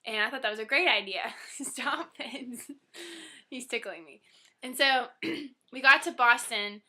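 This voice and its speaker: A woman's voice: fairly high pitch, a little slow, bright, forceful tone. A young woman in her twenties telling her side of an engagement story to the camera, chatty and teasing her partner.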